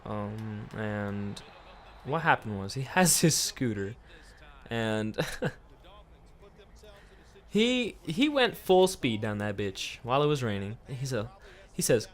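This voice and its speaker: A man's voice: medium pitch, lively intonation, slow pace. Man rambling through a profane story. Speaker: vlogger. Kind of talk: storytime vlog.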